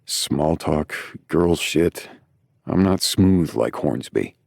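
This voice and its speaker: A man narrating a first-person romance audiobook in a low-key, wry manner, recorded on a close studio mic. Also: animated, slow pace, gravelly, darkish tone, dry recording.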